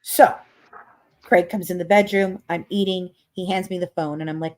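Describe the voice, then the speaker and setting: Profane, dramatic woman podcast host, low voice. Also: fairly even intonation, normal speed, a little mellow. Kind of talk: casual storytelling rant.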